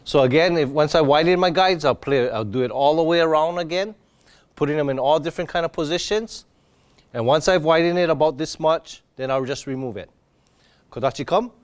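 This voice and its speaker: A man's voice: fairly quick, clear, resonant tone. A man demonstrating dog training, explaining each step in a patient, plain way while he works with his dog. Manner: bursts into high excited praise for the dog.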